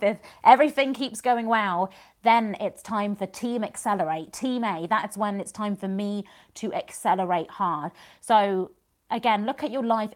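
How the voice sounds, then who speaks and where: Woman, 30s, a touch high-pitched; casual, earnest motivational vlogger who repeats her reassurances. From United Kingdom. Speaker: vlogger and business community host. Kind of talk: casual motivational talk to camera.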